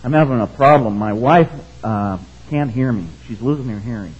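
A man's voice: mid-range voice, moderate pace, a little mellow, slightly rough, highs cut off, natural voice. Man voicing a worried husband in a joke. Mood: earnest.

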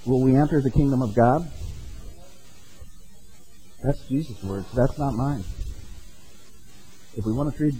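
A man's voice: medium pitch, unhurried, pauses often, mellow, faint music behind, low-quality recording. A man preaching a sermon in a conversational way, often checking in with his listeners with "okay?" and "right?". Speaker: pastor.

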